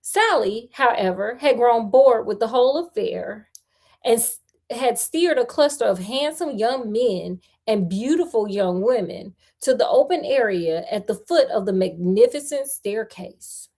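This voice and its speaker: Woman storyteller reading aloud, high voice, unhurried, playful asides. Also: expressive, warm tone. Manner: chatty, with playful slangy asides.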